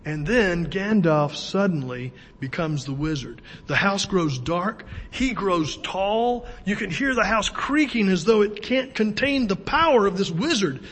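A man pastor preaching a sermon in a church, emphatic and slowing down to stress his key words. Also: high voice, animated, a bit bright, breathy edge. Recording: long church reverb.

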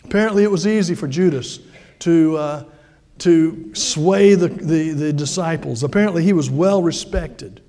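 A man's voice: on the high side, moderate pace, warm tone. An older man preaching a sermon from a church pulpit in an easygoing, folksy way, with asides and rhetorical questions. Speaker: pastor. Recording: long reverb of a large hall.

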